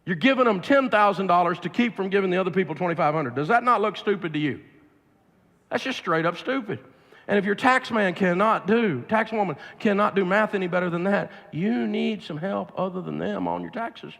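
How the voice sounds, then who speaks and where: A man's voice: high-pitched, a little fast, creaky, a bit bright. A man with a Southern US accent giving a blunt, emphatic, preachy money seminar to a live audience. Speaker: financial speaker. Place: large live event venue. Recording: long hall reverb from a large venue.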